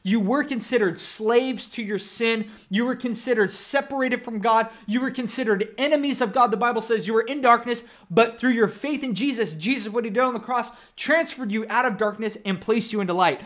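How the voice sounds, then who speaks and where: A man's voice: extremely high pitch, brisk, few pauses, fairly bright tone. A male pastor teaching a sermon, earnest and repetitive, often calling his listeners "you guys".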